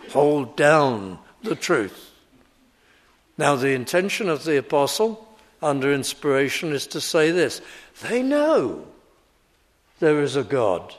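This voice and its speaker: A man preaching an expository sermon, emphatic and driving his points home by repeating key phrases. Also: mid-range voice.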